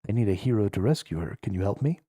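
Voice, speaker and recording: A dramatic young woman quest giver, pleading one moment and bossy the next, as a man puts her on. The voice is raised above a low, mellow base and sounds dry and close. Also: animated, fast, dry recording. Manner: dramatic, demanding.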